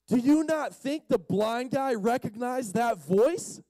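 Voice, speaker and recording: A man giving a casual, storytelling sermon, animated and slangy, acting out the characters as he retells the story. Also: very high voice, measured pace, hardly any pauses, no room sound. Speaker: speaker at a Friday night session.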